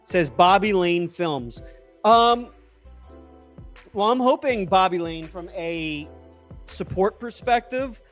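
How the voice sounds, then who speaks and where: A man chatting casually on a livestream and answering viewer questions, excitable and rambling. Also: sits high, slow, pauses often, faint music behind. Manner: rambling and excitable, trailing off and restarting. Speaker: tech YouTuber answering live chat.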